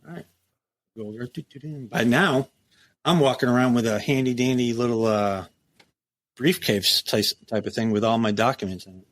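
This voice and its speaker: A man's voice: mid-range voice, moderate pace. A middle-aged man, a former prison captain, telling war stories in a casual interview, swearing freely and acting out the dialogue. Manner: animated, profane, acts out quoted dialogue.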